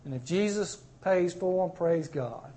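A man preaching a sermon, dropping to low murmurs and then rising to loud, pleading cries. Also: lively intonation, unhurried.

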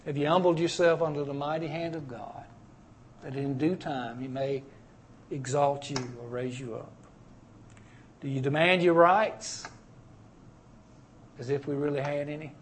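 A man delivers a sermon in a high-pitched voice. He speaks slowly, often letting his voice sink almost to a hush before building back up into loud, impassioned passages. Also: steady tone, slight background noise. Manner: swings from hushed, dropping low to rising, loud and impassioned. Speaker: preacher.

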